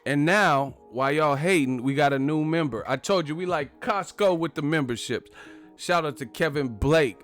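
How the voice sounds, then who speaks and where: A man hosting a live chat stream, talking casually and trash-talking commenters with loud bursts and laughs. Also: on the high side, normal speed, faint music behind. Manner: brash trash talk, frequent laughing.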